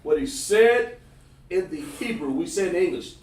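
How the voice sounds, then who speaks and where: A man's voice: high voice, expressive, normal speed, a little mellow. A man reciting prayers and a psalm line by line for a group to repeat, coaching the reader to say words again. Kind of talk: call-and-response scripture reading. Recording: distant echoey room with faint noise.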